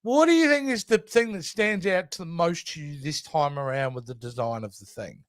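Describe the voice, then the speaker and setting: A man, co-hosting a casual movie news chat in an animated, rambling way that keeps trailing off and restarting. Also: on the high side, normal speed, no echo, studio quality. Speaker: co-host.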